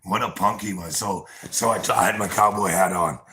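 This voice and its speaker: Deep-voiced man ranting, profane and boastful. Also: a little fast, sharp tone. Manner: profane, boastful, rambling, chuckling; talks straight to viewers. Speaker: livestream host. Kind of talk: rambling livestream rant.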